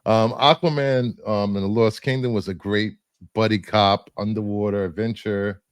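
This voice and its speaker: On the low side and fairly even, his clear, resonant voice moves at a moderate pace in a dry recording. Co-hosting a casual chat, he rambles through his film picks with fillers and the occasional laugh.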